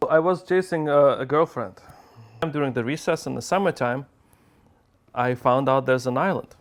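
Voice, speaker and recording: A man from Lithuania answering interview questions hesitantly, with frequent pauses and fillers. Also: medium pitch.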